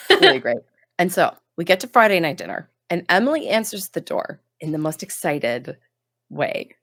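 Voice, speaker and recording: Woman co-host from Canada, low-pitched, animated, lots of "like", bone-dry recording. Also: dry recording. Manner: animated, filler-heavy, laughs often. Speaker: podcast co-host. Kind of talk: casual chat recapping a TV episode.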